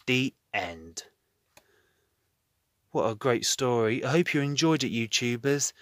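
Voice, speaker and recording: A man reading a children's picture book aloud, in an expressive storytelling way. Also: mid-range voice, slow, long pauses, no echo, studio quality. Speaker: storybook reader.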